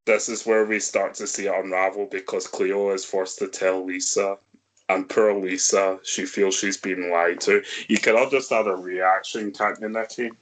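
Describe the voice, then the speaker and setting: A man hosting a casual film discussion podcast, recapping scenes and asking his co-hosts for their highlights. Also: level tone, moderate pace. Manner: leads the talk, recapping scenes and asking the others. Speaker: podcast host.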